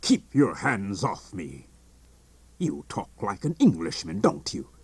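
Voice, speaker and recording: A stern, honest middle-aged country doctor in a radio drama, blunt and accusing. His voice is low and husky, with a wide, forceful swing in pitch. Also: huge pitch swings, slow, dry recording, heavily acted.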